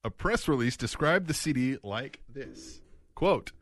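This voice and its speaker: A man's voice: mid-range voice, animated, a little slow, no room sound. A man co-hosting a comedic podcast, reading news items aloud with mock seriousness. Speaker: podcast co-host. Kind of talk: casual comedic podcast chat.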